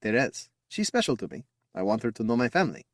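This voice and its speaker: A man's voice: mid-range voice, sing-song, quick pace, dry recording, studio quality, pitched above the performer's own voice, lightly acted. A man voicing an eager, boastful young man who talks proudly and affectionately about his little brother. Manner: upbeat, chatty and affectionate.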